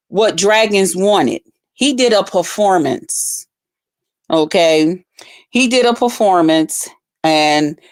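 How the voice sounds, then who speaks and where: Blunt, profane woman vlogger. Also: on the high side. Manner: blunt and heavily profane, with loud excited outbursts. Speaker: vlogger reviewing a livestream contest. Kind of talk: casual commentary.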